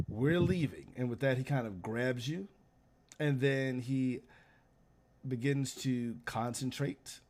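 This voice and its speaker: Laid-back dude running a tabletop game, rambling narration, lots of "kinda" and "like". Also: male voice, mid-range voice, fairly even intonation, slow, pauses often, a little mellow, a little hiss or hum. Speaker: game master.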